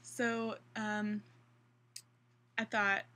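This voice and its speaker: A woman's voice: mid-range voice, level tone, very slow, bright, forceful tone. A young woman with a Central Kansas accent chatting casually through an accent challenge, rambling with restarts and fillers. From Kansas, USA. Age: young adult. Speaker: vlogger.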